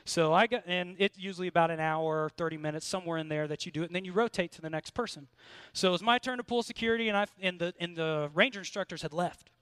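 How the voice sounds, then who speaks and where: A man's voice: sits high, fast, fairly bright tone, clear, resonant tone, no room sound. An American man preaching a sermon, mixing scripture with a story from his own army days, earnest and building in intensity.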